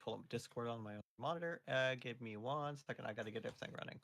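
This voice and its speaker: A man's voice: medium pitch, quick pace, vocal fry, a bit bright. A man streaming in casual chat, mumbling while he sets up.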